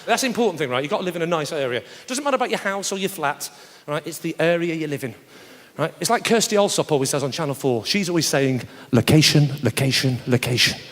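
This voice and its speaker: A man doing live stand-up comedy, teasing the crowd, with loud punchlines. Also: on the high side, lively intonation, fast. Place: large theatre stage with audience. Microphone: stage microphone. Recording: roomy live theatre with audience noise. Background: audience laughter.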